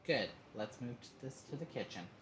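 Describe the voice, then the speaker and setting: A man voicing a firm, no-nonsense mother who talks briskly. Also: mid-range voice, lively intonation, music in the background, close to an everyday voice. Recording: roomy echo, faint noise.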